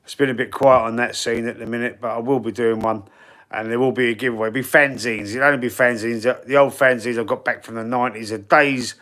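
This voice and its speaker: Speaking quickly at a medium pitch, a Cockney man from England streams live as a football supporter, his tone a touch bright and his intonation fairly level. He reads out the chat and rambles in a slangy, laid-back way, often repeating himself and starting over.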